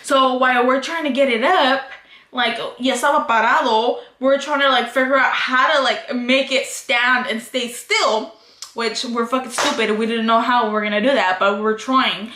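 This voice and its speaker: A woman's voice: a little high, fairly even intonation, normal speed, pushed and bright. A woman vlogger telling a casual story, swearing constantly and switching into Spanish. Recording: echoey room.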